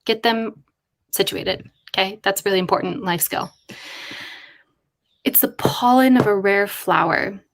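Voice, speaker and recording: A woman chats on a live stream while she writes. She talks through her ideas aloud in a loose, rambling way and tosses in quick asides. Her pitch sits in the middle. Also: gravelly. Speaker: writer livestreaming with chat. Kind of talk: casual live-stream chat.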